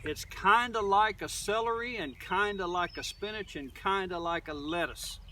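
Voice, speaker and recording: A high-pitched, sharp-toned older man from Oklahoma, who teaches middle school, delivers a casual, wandering lesson in his garden at a moderate pace. He leans on many fillers, and a distant mic catches faint outdoor noise.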